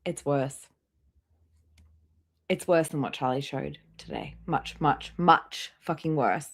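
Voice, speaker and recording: A woman with a slightly low voice hosts a live reaction stream. She is blunt and profane, and her mockery never lets up. She talks in an unscripted, casual way. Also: slow pace, creaky, breathy edge. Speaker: livestream host reacting to clips.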